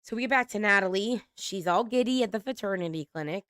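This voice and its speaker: A woman's voice: mid-range voice, fast talker, a bit bright, clear, resonant tone, dry recording, clean studio sound. A woman hosting a casual reality TV recap, chatty, laughing often and swearing casually.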